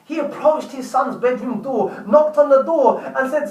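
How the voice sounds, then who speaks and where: A man's voice: very high-pitched, normal speed, hardly any pauses, a bit bright. A man telling a story to his viewers in a casual vlog, chatty and repeating words as he goes. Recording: roomy, distant from mic.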